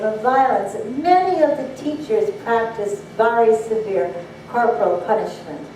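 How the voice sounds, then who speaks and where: A woman giving a public address, telling stories in an earnest, measured way, recorded from far off in an echoey hall. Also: on the high side, mellow, slight background noise. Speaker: speaker. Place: banquet hall.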